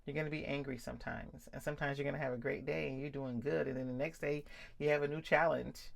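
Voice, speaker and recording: A woman's voice: extremely low pitch, fairly even intonation, fast, vocal fry. A middle-aged woman talking candidly and encouragingly to her viewers about living with vision loss. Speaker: vlog host sharing vision loss experience. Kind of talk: personal talk to camera.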